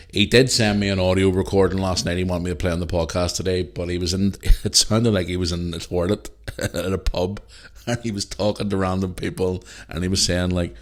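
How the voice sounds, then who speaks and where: Male podcast host, lowish voice, heated sweary solo rant.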